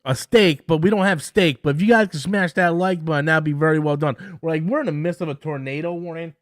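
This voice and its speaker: Man, high voice, dry close sound; halting, excitable live-stream reviewer who repeats himself. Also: no room sound. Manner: halting, repeats words, enthusiastic. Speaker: show review host.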